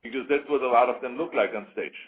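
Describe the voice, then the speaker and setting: A man's voice: medium pitch, fast. A man giving an interview in a casual, emphatic way, repeating his points over and over. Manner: emphatic, repeats points, acts out quoted voices. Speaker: interview guest. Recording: tinny phone-like radio sound.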